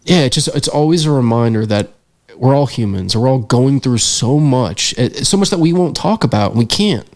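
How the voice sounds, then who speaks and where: Young guy w a gravelly voice, earnest storytelling on a podcast, mid pitch, lots of uhs. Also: lively intonation, normal speed, darkish tone. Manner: earnest, reflective, many fillers. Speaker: podcast guest, filmmaker. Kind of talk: storytelling in a casual interview.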